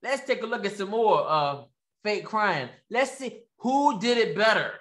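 A man's voice: sits high, measured pace, echoey room. A man hosting a ranting commentary, repeating himself and mocking his subjects. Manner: animated, repetitive, mocking. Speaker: commentary host.

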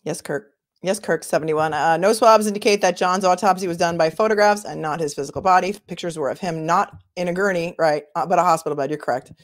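Chatty woman attorney, low dry voice. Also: quick pace, few pauses, dry recording. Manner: chatty, thinks aloud, answers chat directly. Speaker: attorney and livestream host. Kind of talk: casual livestream commentary reading viewer comments.

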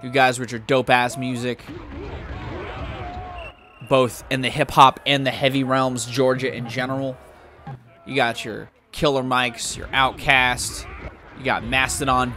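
A young man commentating his own video game play, swearing and shouting at the game in bursts. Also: mid-range voice. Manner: excitable, profane, yells at the game. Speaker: gaming YouTuber.

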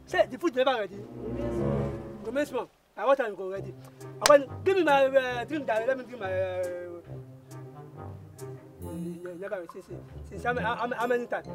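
A man plays a laid-back advisor giving offhand tips in Nigerian Pidgin, heard through a phone on speaker. His voice is very high. Music plays clearly behind. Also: normal speed, pauses often. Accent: Nigerian Pidgin English. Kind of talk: comedy skit acting.

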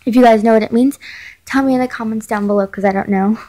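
A woman's voice: fairly high pitch, fast talker, mellow, rough recording. A woman reading a chat story who stops to comment and talks casually to her viewers, often saying "like.". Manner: chatty, filler-heavy, talks to viewers.

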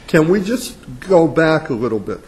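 A man's voice: on the high side, sing-song, moderate pace, a little mellow, slightly rough. A man questioning an attorney as a judge in court, probing and interjecting with brief restarts. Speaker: appellate judge questioning counsel.

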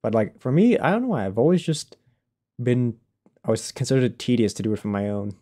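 A man's voice: mid-range voice, very animated, fairly quick, mellow. A man streaming a game live, chatting casually, laughing often and answering his chat as he plays.

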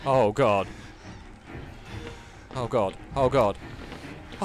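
A man narrating his horror game playthrough. His pitch swings wildly between flat mutters and high yelps, and he swears at every scare. Faint game music plays behind him. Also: slow. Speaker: let's play gamer.

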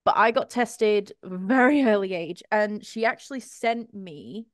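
A chatty British woman hosts a podcast in a casual, giggly way. Her pitch sits in a middle range. The sound is dry and close. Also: a little slow, no echo. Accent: British English. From England. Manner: chatty, giggly, reads from notes. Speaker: podcast host. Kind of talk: casual group chat.

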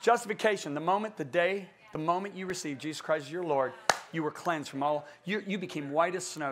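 A man in his sixties preaching a passionate conference sermon, repeating words in bursts and swinging from hushed to loud. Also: on the high side. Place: large church conference stage.

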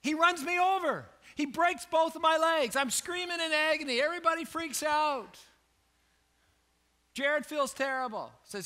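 A man preaching a sermon as lead pastor, telling a story with animated, self-joking delivery. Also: very high voice, a little slow.

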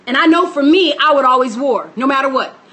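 A woman's voice: high-pitched, lively intonation, brisk, bright, forceful tone. A woman minister preaching with emphatic repetition, greeting listeners by name as she teaches. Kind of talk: preaching sermon.

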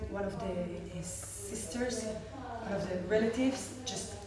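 A woman medical clown with an Israeli accent telling a personal story to a panel audience, animated, with frequent laughter and halting restarts. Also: medium pitch, a crowd in the background. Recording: echoey hall, distant mic, audience noise.

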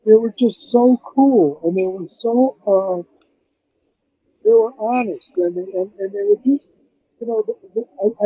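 An older man, a film composer, telling rambling, animated stories in a casual interview, with many restarts and fillers. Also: sits high, breathy edge, low-quality recording.

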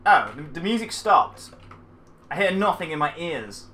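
Jumpy let's player, talks back to the game, unhurried, voice leaps up and down. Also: mid-range voice, very animated, bright, forceful tone, slight background noise. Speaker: gamer playing a horror game. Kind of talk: let's play commentary.

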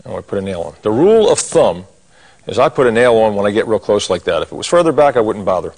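A middle-aged man with a fairly low voice leads a cartoon drawing lesson, calmly narrating each stroke as he draws. His manner is folksy and he drops in corny gags along the way. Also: fast. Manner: folksy, corny jokes, talks while drawing. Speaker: drawing instructor.

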